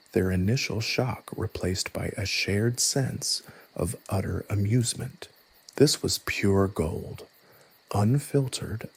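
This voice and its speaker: A man narrating a scripted story in a soft, hushed, evenly paced reading voice. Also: fairly low pitch, creaky, breathy edge.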